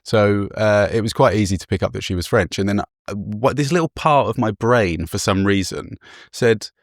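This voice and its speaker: A man's voice: on the low side, normal speed, no room sound, clean studio sound. A man from England, a podcast host, telling a travel story in a chatty, self-deprecating way and laughing often. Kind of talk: casual storytelling chat.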